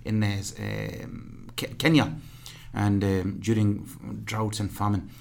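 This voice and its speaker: Male interview guest, gravelly and low, earnest storyteller who stumbles and restarts. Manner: earnest, halting with many restarts. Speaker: charity fundraiser, guest.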